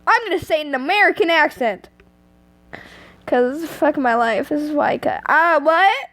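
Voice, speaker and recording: Teen girl, high voice, reads fanfic aloud, giggly, chatty asides, earphone mic at home. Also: lively intonation, normal speed, fairly bright tone. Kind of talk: reading fanfiction aloud with commentary.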